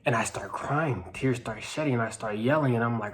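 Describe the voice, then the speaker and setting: A nineteen-year-old man earnestly telling a personal story to camera, halting, with many restarts and repeated phrases, sometimes dropping to a hush. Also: mid-range voice. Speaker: vlogger. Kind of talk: personal testimony told to camera.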